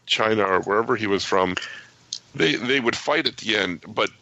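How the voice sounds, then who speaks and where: A man's voice: lowish voice, normal speed, bright, forceful tone. A man co-hosting a podcast, telling rambling stories in casual chat and acting out quoted lines. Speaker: podcast co-host, comic book creator. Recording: dull lo-fi sound.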